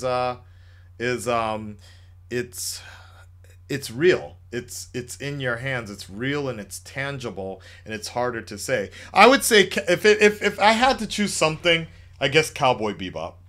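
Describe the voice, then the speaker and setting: A man's voice: mid-range voice, pushed and bright. A man hosting a casual call-in livestream, chatting loosely with lots of fillers and restarts. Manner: chatty, laid-back, many fillers and restarts. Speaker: livestream host taking calls.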